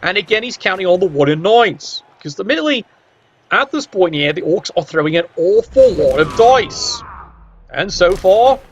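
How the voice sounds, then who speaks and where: A man gives play-by-play commentary of a video game match at a moderate pace, with slight background noise. He's expressive, tossing in cheeky, sardonic asides and sudden jumps up in pitch.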